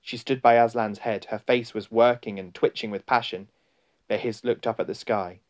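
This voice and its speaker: Male storybook narrator, low voice, unhurried dramatic reading. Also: steady tone. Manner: slow, deliberate, dramatic. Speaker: audiobook narrator.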